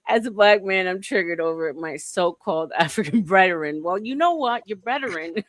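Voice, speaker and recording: A woman's voice: lowish voice, lively intonation, normal speed, dry recording, clean studio sound. A woman hosting a casual group voice chat, teasing and laughing as she talks. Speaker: stream host.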